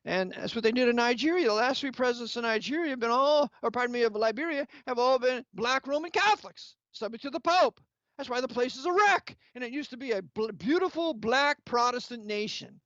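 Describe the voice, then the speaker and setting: A man's voice: very high-pitched, fairly quick, a bit bright, no echo. A man delivering an impassioned sermon-style lecture, angry and emphatic, firing rhetorical questions at the listener. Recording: dull, lo-fi, dry sound.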